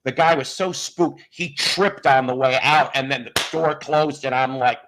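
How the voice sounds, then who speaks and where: A man's voice: medium pitch, unhurried, a bit bright. Rambling middle-aged man telling stories. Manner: rambling storyteller with frequent restarts. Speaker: host of a live stream show. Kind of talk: casual chat.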